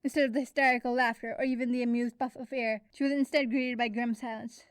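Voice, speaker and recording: Young woman narrator, casual fanfic reading, slightly high, dry close mic. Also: flat delivery, fast, clear, resonant tone, dry recording. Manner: casual storytelling with occasional slips. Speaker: fanfiction reader and writer. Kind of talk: reading her own fanfiction aloud.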